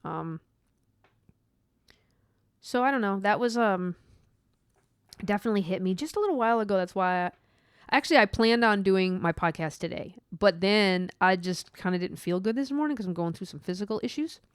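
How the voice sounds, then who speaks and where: A woman talking through her own faith podcast, earnest and meandering, full of "like" and side thoughts. Her voice is smooth and clear, recorded close and dry with no room sound. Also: medium pitch, expressive, fairly quick, no room sound. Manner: earnest, rambling, with many asides and "like". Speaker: podcast host. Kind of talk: personal faith podcast monologue.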